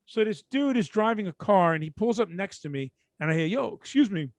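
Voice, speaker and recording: A man from Brooklyn, co-hosting a podcast and telling an animated, profane story that acts out the people in it. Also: high voice, brisk, dry recording. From Brooklyn, New York. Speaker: podcast co-host.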